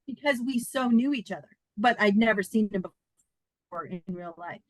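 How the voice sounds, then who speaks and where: A woman in her fifties, a podcast guest, telling a personal story in an earnest, animated, chatty way with many fillers. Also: mid-range voice, moderate pace, no room sound.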